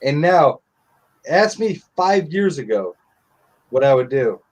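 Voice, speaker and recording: A man's voice: a little high, very animated, takes it slowly. A middle-aged man telling stories in casual live-stream chat, blunt and profane.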